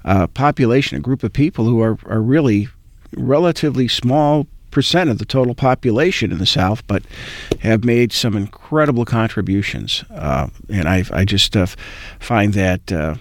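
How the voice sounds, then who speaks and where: A man's voice: fairly low pitch, expressive, normal speed. Rambling male interview host. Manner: rambling with many fillers and restarts. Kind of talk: conversational interview.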